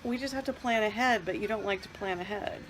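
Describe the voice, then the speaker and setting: A woman's voice: mid-range voice, fast, low-quality recording. A middle-aged woman co-hosting a casual wine show, chatting emphatically and urging viewers on. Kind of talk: casual chat.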